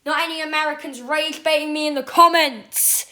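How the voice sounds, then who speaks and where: A woman's voice: high-pitched, steady tone, moderate pace, sharp tone. A young woman vlogging to camera in a rambling, chatty way, full of fillers and restarts. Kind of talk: casual chat to camera.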